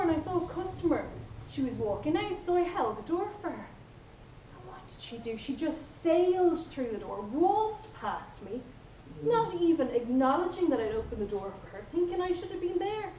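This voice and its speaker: A woman's voice: high-pitched, warm tone, slight background noise. Playful Irish woman telling stories in a hall. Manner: storytelling, playful, acts out quoted lines. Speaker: contest speaker. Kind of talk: humorous speech. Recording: echoey hall from far off.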